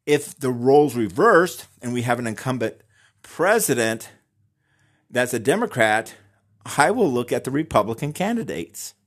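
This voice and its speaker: A man giving an earnest, emphatic opinion talk, speaking directly to the listener and slowing down to stress key words. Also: on the high side. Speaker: Christian commentator on voting.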